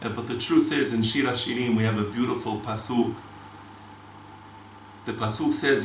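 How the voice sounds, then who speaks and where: A man teaching a Torah lecture as a rabbi, animated and chanting verses between his explanations. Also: mid-range voice, fairly quick, slight background noise. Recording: echoey room, mic from far off.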